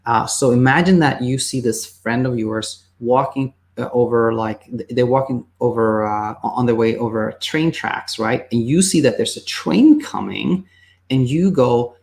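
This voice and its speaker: A man working as a sleep coach, answering viewer questions in a casual, halting way and acting out the voices he quotes. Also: medium pitch, creaky, a little mellow.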